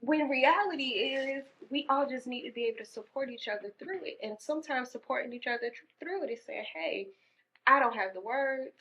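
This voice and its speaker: A woman's voice: high voice, lively intonation, a little fast, a bit bright. A woman in casual conversation, earnestly explaining her point step by step. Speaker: podcast guest. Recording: muffled dull sound.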